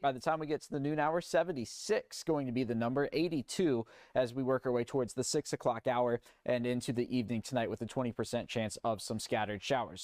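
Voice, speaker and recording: A man's voice: medium pitch, darkish tone, no room sound, studio quality. A young adult man giving a live weather forecast in a conversational, easygoing way. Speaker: meteorologist.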